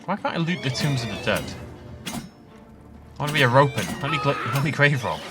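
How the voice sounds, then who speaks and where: A man's voice: medium pitch, animated, brisk, over music. A man casually commentating on his gameplay, chatty and rambling, laughing often. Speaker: let's play host.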